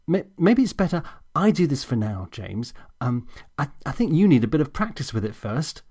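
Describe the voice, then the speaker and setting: A man's voice: on the high side, big pitch swings, normal speed, a little mellow, breathy edge, voice pushed up, full character voice. A man voicing an earnest crew helper who talks hesitantly, with stammers, in a comedy audiobook.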